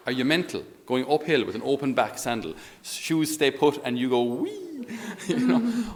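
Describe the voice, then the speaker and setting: An Irish man speaking as a priest in a conversational homily. He is a lively storyteller who often chuckles as he talks. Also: medium pitch, brisk. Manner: animated storyteller, chuckles while talking.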